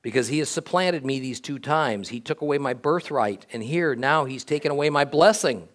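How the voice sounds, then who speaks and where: A man's voice: mid-range voice, normal speed, lightly acted. A man reading scripture aloud, voicing a grieving young man who was wronged as the firstborn, pleading and crying out. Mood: bitter. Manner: pleading, cries out.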